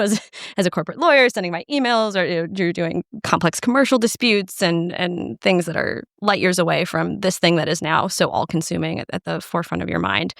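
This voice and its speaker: A woman talks on a podcast as a guest researcher. Her speech is earnest and halting, with pauses to collect herself. The voice has some gravel in it, and the recording is dry and close. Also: fairly low pitch, no echo. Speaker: guest, law PhD researcher. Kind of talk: podcast conversation.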